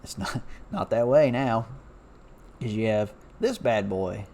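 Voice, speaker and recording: A man's voice: fairly low pitch, animated, takes it slowly, a little mellow, slight background noise. A man and former railroad worker talking loosely and chattily, correcting himself as he goes. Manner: loose and chatty, many fillers, self-correcting. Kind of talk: casual rambling talk over a map.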